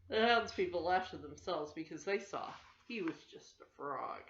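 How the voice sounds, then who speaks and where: An older woman reading a children's story aloud for her grandchildren, gentle and steady, in a roomy, slightly dull home recording. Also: medium pitch, normal speed, few pauses, slight background noise.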